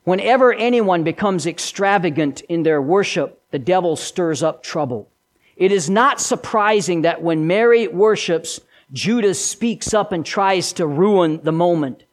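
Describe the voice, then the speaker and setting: A man preaching a sermon with an emphatic delivery, repeating key lines and swinging between loud and soft. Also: high-pitched.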